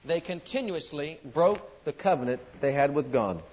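A man preaching a sermon, reading scripture slowly and swinging between loud, high declarations and low, quiet asides. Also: expressive, husky. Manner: rising and falling preaching cadence, drawn-out scripture readings. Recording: muffled lo-fi sermon recording.

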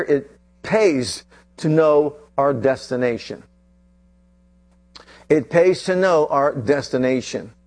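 Guy preaching hard, fairly high voice, gets loud then drops way down soft. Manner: impassioned, swinging from loud to hushed. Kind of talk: sermon.

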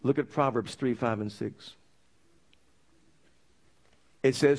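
A man preaching a sermon, telling his story with lively energy and asking the congregation for amens. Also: medium pitch, takes it slowly, gravelly, long pauses. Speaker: pastor.

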